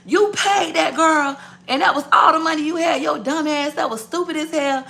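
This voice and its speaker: A woman's voice: high-pitched, normal speed, vocal fry, voice pushed up, full character voice. A woman voicing an angry young man who scolds and curses at his girlfriend. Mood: yelling. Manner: scolding, profane, shouting.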